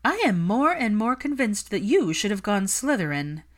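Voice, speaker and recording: A woman's voice: mid-range voice, big pitch swings, moderate pace, voice pushed up, natural voice. Woman voicing a smug, teasing young witch. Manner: sly, needling, brash.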